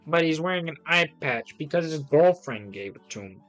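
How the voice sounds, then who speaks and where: A man casually reviewing comics on a live stream, excitable and rambling with lots of ums and restarts. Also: fairly high pitch, moderate pace, few pauses, soft background music, low-quality recording.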